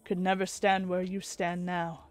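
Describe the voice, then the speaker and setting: Woman voicing a solemn future scientist guy, slow, low and quiet, faint music under. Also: level tone, no room sound, lightly acted. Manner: solemn, measured. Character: grave young male scientist from the future, calm.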